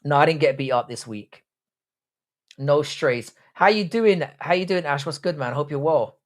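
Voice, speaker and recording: This young male streamer has a slightly high voice and talks at a moderate pace. He reads out comments in a casual live chat, his banter blunt, crude, and profane.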